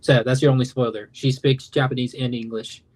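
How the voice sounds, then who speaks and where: A man's voice: medium pitch, level tone, brisk, a little mellow. A young man in his late teens, an animation creator, rambling casually on a livestream. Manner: rambling, loose, self-interrupting.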